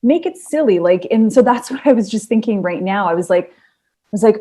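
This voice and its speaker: A woman's voice: mid-range voice, normal speed, dark tone. A woman co-hosting a podcast in casual chat, bubbly and rambling, often breaking into laughter. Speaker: podcast co-host.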